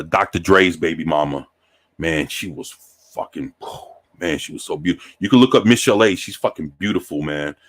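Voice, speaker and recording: A man in his forties telling rambling stories in a relaxed, profane way, often ending sentences with "man". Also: sits low. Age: 40s. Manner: rambling, profane, laid-back, peppered with "man". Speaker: show host. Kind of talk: casual storytelling.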